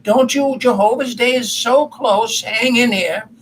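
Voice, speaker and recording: A man's voice: very high-pitched, unhurried, a little hiss or hum, low-quality recording. A man hosting a casual commentary show, telling a story in a rambling, folksy way and correcting himself as he goes. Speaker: commentary host.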